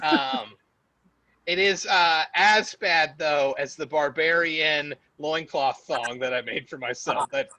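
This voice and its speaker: Excitable, high-voiced man laughing along. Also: takes it slowly, no room sound, rough recording. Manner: excitable, laughs often, swears casually. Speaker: podcast co-host. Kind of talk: casual chat.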